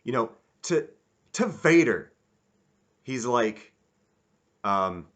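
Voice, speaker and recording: A man giving a rambling, casual review, animated and acting out quotes in mock voices. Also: medium pitch, extremely slow, pauses often. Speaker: YouTube reviewer.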